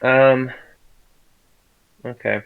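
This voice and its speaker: A man playing in a casual tabletop game, relaxed and joking around. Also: mid-range voice, drawn-out words, gravelly, clear, resonant tone. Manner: relaxed, chuckling, loose joking. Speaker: player. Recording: dull lo-fi mic.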